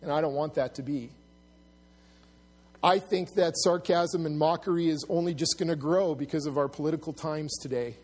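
A man preaching a sermon to his congregation, earnest and plain-spoken, often restarting his sentences. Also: normal speed. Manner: earnest, restarts often, rises loud and high when acting out mockers. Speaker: pastor.

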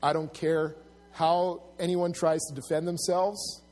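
A male pastor with a somewhat high voice delivers his sermon in an earnest, conversational way. He stops and restarts his phrases often as he works through his points. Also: level tone, a little slow, soft background music. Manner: earnest, restarts often, rises loud and high when acting out mockers.

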